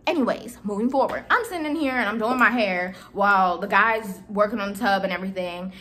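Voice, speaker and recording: A young woman in her twenties casually retelling a story to her viewers, animated and exasperated, acting out the dialogue. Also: mid-range voice, brisk. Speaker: vlogger telling a storytime.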